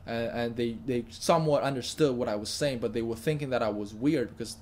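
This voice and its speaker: A young man telling a story to camera in a lively, stammering way, often repeating words as he goes. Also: mid-range voice, a little fast. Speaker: vlogger. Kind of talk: casual spoken story to camera.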